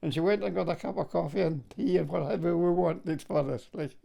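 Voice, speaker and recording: A man's voice: fairly high pitch, fairly even intonation, a little fast, gravelly, mellow. An older man from Scotland, a war veteran telling stories in an interview, chuckling and often adding "like, you know". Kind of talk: reminiscing in an interview.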